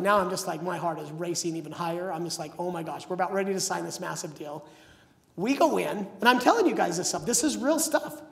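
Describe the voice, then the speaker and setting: A middle-aged man telling stories as a motivational speaker at a live seminar, energetic and acting out the voices of the people he quotes. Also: high-pitched, creaky. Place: large seminar hall. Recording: echoey hall.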